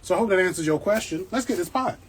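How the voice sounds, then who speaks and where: A man's voice: high-pitched, lively intonation, fast talker, slight background noise. Chatty man talking plants. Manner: chatty, joking, keeps checking in with "right?". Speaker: plant channel host. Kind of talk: casual livestream chat answering viewer questions. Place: home indoors with plants.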